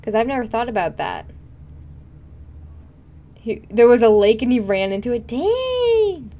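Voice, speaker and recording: Her voice is fairly high and mellow, moving at a moderate pace, as this young woman livestreams and chats casually with viewers. The talk meanders, is full of fillers, and is broken up by frequent laughter.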